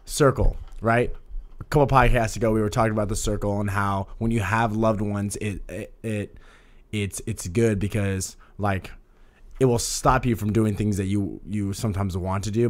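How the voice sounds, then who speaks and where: A man's voice: on the low side, steady tone, a little fast. A hungover man hosting a casual podcast, rambling and repeating himself, swearing freely. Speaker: podcast host.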